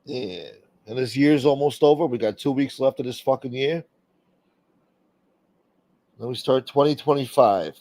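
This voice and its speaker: A man with a medium-pitched, darkish voice hosts a casual livestream. He rambles, swears freely, and reads viewer comments from the chat aloud.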